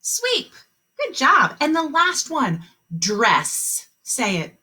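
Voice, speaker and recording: Over a video call, a woman teaches kindergarteners a phonics lesson, speaking slowly and encouragingly as she stretches out the sounds of words. Her voice sits high, pushed and bright, with wildly swooping pitch.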